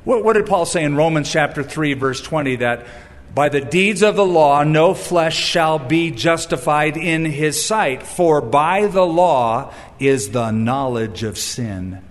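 Man, pastor, sermon, animated storytelling with asides, fairly high voice, long reverb. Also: unhurried.

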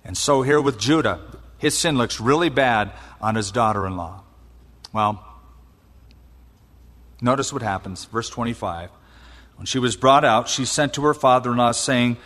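A male preacher retelling scripture in a sermon, animated and exclaiming as he acts out quotes. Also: mid-range voice, moderate pace, pauses often. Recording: long reverb in a large hall.

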